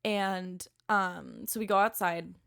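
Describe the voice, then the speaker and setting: A young woman in her twenties is a guest on a chatty podcast, telling a story with lots of swearing and laughter. Her voice is bright and forceful, and she slips into the voices of the people she quotes. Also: lowish voice, slow, creaky. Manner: animated, swears a lot, laughs often, acts out quotes. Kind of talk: casual chat, storytelling.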